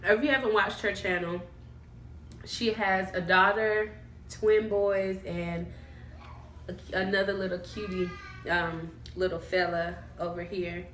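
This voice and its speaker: A woman vlogger chatting casually with her cousin while eating, telling stories in a relaxed way. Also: mid-range voice, unhurried, slight background noise. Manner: chatty, storytelling, laughs easily. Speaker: mukbang vlogger. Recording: roomy, mic far off.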